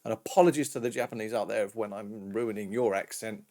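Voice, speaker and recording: A man's voice: on the low side, steady tone, brisk, a little mellow. A British man teaching a recorded maths lesson in a chatty, jokey way with self-mocking asides. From Britain.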